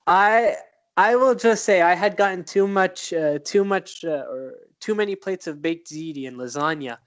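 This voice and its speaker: A man's voice: high-pitched, normal speed. A young man co-hosting a podcast, telling stories in an upbeat, rambling way with many fillers. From Palestine. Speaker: podcast co-host. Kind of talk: casual chat.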